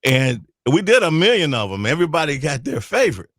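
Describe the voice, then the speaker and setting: A man with a high, bright voice tells a story on a talk radio show. His pitch swings widely, and he laughs his way through the telling. The sound is close and dry. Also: fairly quick, dry recording. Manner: animated, laughs while telling stories. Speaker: radio co-host. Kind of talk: casual radio chat, storytelling.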